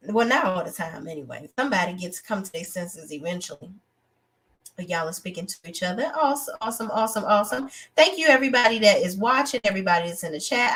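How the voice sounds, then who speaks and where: A young woman hosting a live TV review stream, talking in a blunt, animated, outspoken way with features. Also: fairly low pitch. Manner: animated, outspoken, breaks into acted voices of characters. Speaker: TV review show host.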